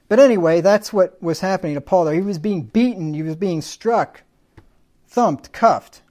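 A man's voice: fairly high pitch, darkish tone. A man preaching a sermon in a conversational teaching manner, defining words and adding folksy humorous asides.

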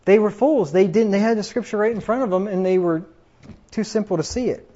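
Emphatic high-voiced male preacher. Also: brisk. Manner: emphatic, rises loud when quoting scripture. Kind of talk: sermon with scripture readings. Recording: dull lo-fi recording.

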